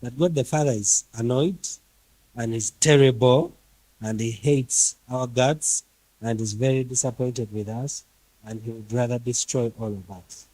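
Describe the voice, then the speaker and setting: A man's voice: mid-range voice, fairly even intonation, a little slow, mellow, dry recording, rough recording. A man preaching a sermon emphatically, firing rhetorical questions at his congregation and piling up repeated phrases.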